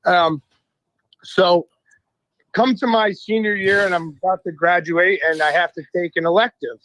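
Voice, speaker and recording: A man from the Boston area, a guest on a radio talk show, telling stories in an animated and profane way. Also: high-pitched, moderate pace, slight background noise, poor audio.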